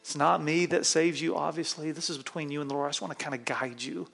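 A man's voice: on the high side, steady tone, fast talker, gravelly, fairly bright tone, breathy edge, faint music behind. A man, a pastor, preaching a sermon in a church and leading the congregation in call-and-response. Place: church sanctuary.

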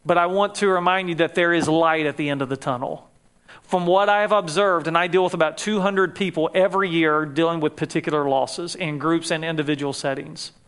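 Man, middle-aged, high voice, grief counselor preaching, chatty with the crowd. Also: a bit bright, clean tone. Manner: conversational, asks the audience questions, jokes lightly. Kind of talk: sermon to a live audience.

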